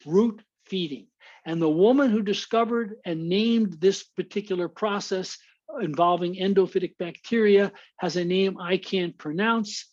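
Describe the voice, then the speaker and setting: A man's voice: high voice, a little mellow, dull audio. American man lecturing over a webinar. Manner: explanatory, many filler uhs and restarts. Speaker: guest speaker.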